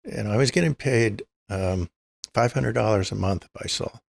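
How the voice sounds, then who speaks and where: Gravelly older man telling stories. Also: lowish voice, normal speed. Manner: anecdotal, acts out quoted dialogue. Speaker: guest. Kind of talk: storytelling interview.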